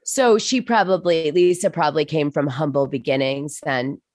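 Low-voiced American woman, eager and curious. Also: a little mellow, no echo, studio quality. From United States. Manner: eager, curious, quick to gush. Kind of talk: casual chat.

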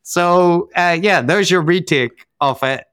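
A man's voice: high-pitched, takes it slowly, fairly bright tone, clean tone, no room sound, clean studio sound. A man with an Irish accent, co-hosting a podcast in casual, sardonic banter and laughing often. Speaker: podcast co-host.

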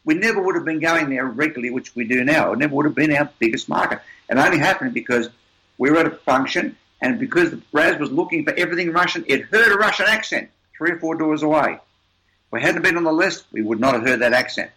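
A man's voice: on the high side, expressive, fast, bright, forceful tone, low-quality recording. An older man, an interview guest, telling motivational stories in an emphatic, upbeat way with repeated words. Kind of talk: motivational storytelling.

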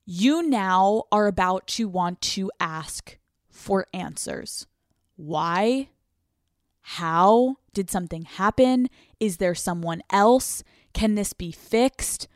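A woman's voice: mid-range voice, slow pace, dry recording. Young female podcast host, mid-range voice, dry studio sound, blunt and profane delivery. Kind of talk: casual advice monologue.

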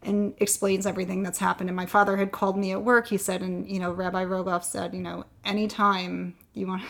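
A woman's voice: medium pitch, little pitch movement, fairly quick, gravelly, few pauses, a bit bright. A woman in an interview, candidly telling a long personal story and getting choked up at times. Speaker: guest sharing her fertility story.

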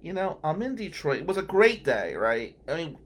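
A man's voice: on the high side, very animated, moderate pace, a bit bright. A man hosting a podcast, a lawyer telling wry, incredulous stories from his working day. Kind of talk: storytelling monologue.

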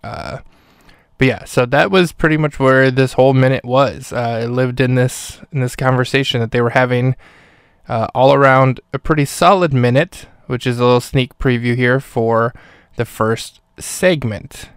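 A man's voice: mid-range voice, moderate pace, clean tone, dry recording. A man hosting a podcast, giving a casual spoken film review full of fillers and self-corrections, close to the microphone.

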